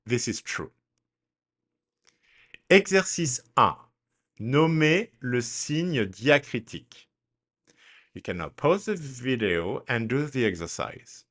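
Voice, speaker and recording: A man teaching French pronunciation, speaking deliberately and spelling words out letter by letter in a slow drill. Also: mid-range voice, very animated, a bit bright.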